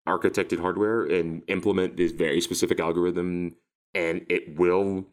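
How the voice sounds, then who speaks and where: A man's voice: sits low, flat delivery, normal speed. A man co-hosting a casual conversation, rambling with many restarts and a sardonic edge.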